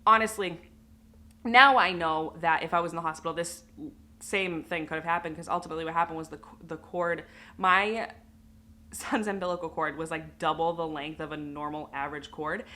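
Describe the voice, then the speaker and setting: Woman vlogger, bright voice, emotional candid personal storytelling. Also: sits low, fairly even intonation, a little fast. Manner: emotional, candid, with many fillers. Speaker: vlogger telling her birth story.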